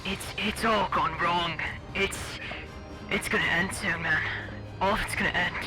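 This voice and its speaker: A woman voicing a panicky, stoned man on the phone who keeps repeating "dude" in a frantic, hushed voice. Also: fairly low pitch, fairly even intonation, unhurried, over music, natural voice, rough recording. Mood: panicked.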